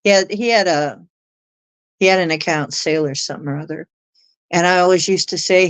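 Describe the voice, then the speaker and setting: A middle-aged woman telling a personal story in a chatty, animated way. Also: deep voice, moderate pace, low-quality recording. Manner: chatty, animated retelling with laughs and acted quotes. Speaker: astrology show guest. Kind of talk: casual storytelling.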